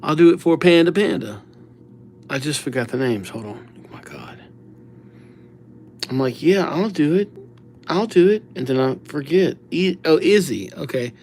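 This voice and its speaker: A man's voice: fairly high pitch, expressive, moderate pace, long pauses, a little mellow, slight background noise. A middle-aged man hosting a livestream, chatting casually and greeting viewers by name with playful nicknames. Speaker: livestream host writing viewers' names.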